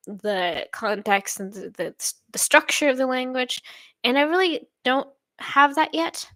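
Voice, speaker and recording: A woman's voice: sits high, fairly bright tone, no echo. A woman in her twenties from Sweden, chatting casually and reading out viewer comments in an upbeat, rambling way with frequent laughs. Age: 20s. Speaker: channel host.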